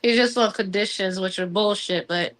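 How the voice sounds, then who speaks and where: Sassy woman with a bright voice. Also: medium pitch, moderate pace. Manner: sassy, blunt quips. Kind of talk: casual podcast chat.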